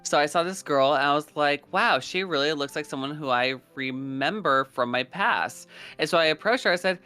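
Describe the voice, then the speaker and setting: A young man co-hosting a podcast, telling animated, profane stories in casual chat. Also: normal speed, clean tone. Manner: animated, swearing, acts out quoted people in a higher voice. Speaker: podcast co-host.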